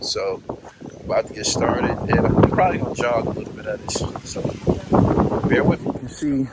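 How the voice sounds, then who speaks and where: Winded man vlogging a hike, noisy. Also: medium pitch. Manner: blunt, joking, profane talk. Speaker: vlogger host. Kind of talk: casual travel vlog. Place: outdoor hiking trail.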